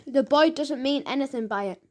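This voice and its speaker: A woman's voice: sits high, normal speed, lightly acted. A woman voicing a worried, downtrodden father in debt, pleading anxiously in a storybook reading.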